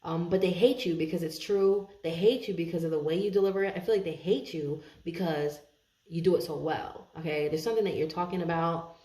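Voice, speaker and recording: A woman giving a casual tarot reading to her viewers, chatty, laughing often and thinking aloud with many pauses and restarts. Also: on the low side, warm tone. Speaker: tarot reader. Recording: roomy echo.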